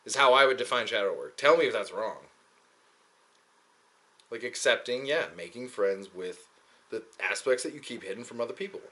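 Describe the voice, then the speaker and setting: A man's voice: mid-range voice, lively intonation, normal speed, pauses often, fairly bright tone. A young man talking in a rambling, profane, joking way, often slipping into mocking quoted voices. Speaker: podcast host. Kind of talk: casual rambling monologue.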